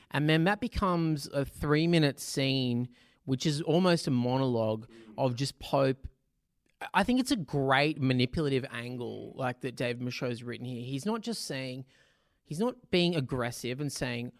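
A man's voice: medium pitch, lively intonation, moderate pace, no room sound, studio quality. Regular-voiced guy on a movie podcast, chatty, laughs a lot, acts out lines. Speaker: podcast co-host. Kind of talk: casual film discussion.

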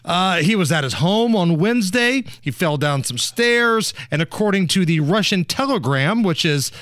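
A man's voice: sits high, animated, normal speed, fairly bright tone, no room sound. A male radio show host with a wry, joking manner, bantering casually at a studio mic.

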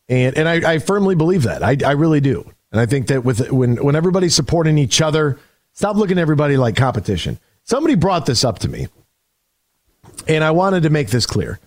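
A man's voice: a little high, no echo, studio quality. Chatty sports radio host, man. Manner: energetic, rambling, many restarts. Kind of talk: call-in sports talk.

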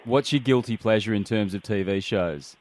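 A man's voice: fairly low pitch, moderate pace, darkish tone. A man hosting a breakfast radio show, asking playful questions of a guest. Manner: jokey, upbeat interviewer. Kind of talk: casual radio interview.

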